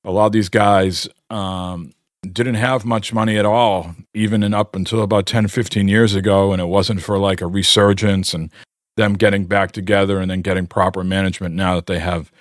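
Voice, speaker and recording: A man's voice: deep voice, level tone, normal speed, no room sound, clean studio sound. A man co-hosting a podcast, telling long rambling stories with lots of fillers. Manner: rambling storyteller, many fillers. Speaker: podcast co-host. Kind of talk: casual chat.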